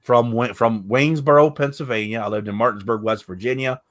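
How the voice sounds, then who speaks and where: A man's voice: medium pitch, steady tone, fairly quick. Earnest, candid male podcast host. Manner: candid, earnest, swears freely. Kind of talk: casual chat.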